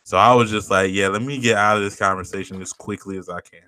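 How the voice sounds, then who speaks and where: A man's voice: fairly low pitch, steady tone, quick pace, pushed and bright. A man co-hosting a podcast, telling stories in casual chat, swearing freely and laughing often. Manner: laid-back storyteller, swears a lot, laughs often. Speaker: podcast co-host.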